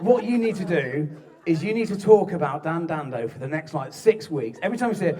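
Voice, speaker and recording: A young groom tells stories against himself, his voice sitting a touch high and often cracking into laughter. The speech is recorded at a wedding reception, with a busy crowd of guests murmuring and laughing behind him. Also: animated, fairly quick. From southern England. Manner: jokey, self-mocking, breaks into laughter. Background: guests laughing and chatting.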